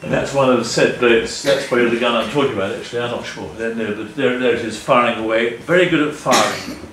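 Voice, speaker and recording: Speaking as a guest at a meeting hall, this older man presents slides and talks fast, earnestly rambling and frequently correcting himself. His mid-range voice sounds a bit bright. The distant mic picks up room echo, faint ambience, and a little hiss or hum.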